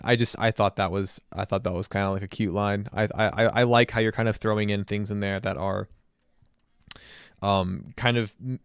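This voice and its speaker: Low, smooth-voiced man reviewing music. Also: a bit bright, no echo, studio quality. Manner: thoughtful, encouraging critique with casual filler words. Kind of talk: casual livestream track review.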